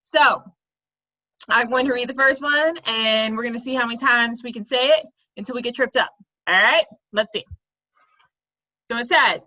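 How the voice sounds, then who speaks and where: A woman's voice: a little high, normal speed, long pauses, pushed and bright, muffled recording. A woman teaching a lesson for children, speaking playfully and laughing at herself when she stumbles over tongue twisters. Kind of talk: video lesson for kids.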